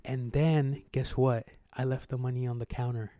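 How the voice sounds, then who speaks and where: Speaking at an ordinary middle pitch and moderate speed, a young man chats through an animated story, full of slang and profanity, mimicking noises and voices. There's no room sound; it's dry and close, like a podcast mic.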